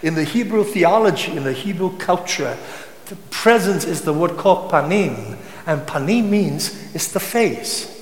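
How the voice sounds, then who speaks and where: A man preaching a sermon with passion, sometimes rising to loud cries. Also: high voice, expressive, moderate pace. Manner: impassioned, rising to shouts when voicing psalm cries. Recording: echoey hall with long reverb.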